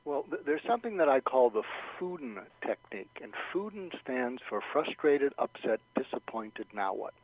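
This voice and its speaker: A man's voice: mid-range voice, moderate pace, few pauses, no echo. A man as guest expert in an interview, explaining techniques and acting out example phrases with many restarts. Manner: animated, acts out example phrases, frequent restarts. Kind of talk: interview advice. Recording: dull lo-fi dry sound.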